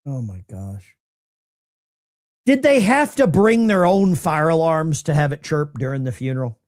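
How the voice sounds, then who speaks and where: A man hosting live political commentary, incredulous and animated, talking straight to his chat. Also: fairly high pitch, a little slow.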